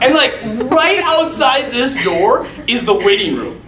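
A man telling a story in casual talk, animated, laughing often and acting out the voices of the people in it. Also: sits high, unhurried, far from the mic. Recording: echoey room, off mic, faint noise.

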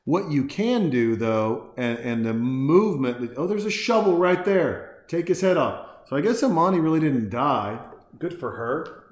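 A man casually commenting on a horror film as he watches it, rambling and excitable, talking to the characters on screen. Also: on the high side, a little slow. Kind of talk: casual live film commentary while drinking beer. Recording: very echoey room.

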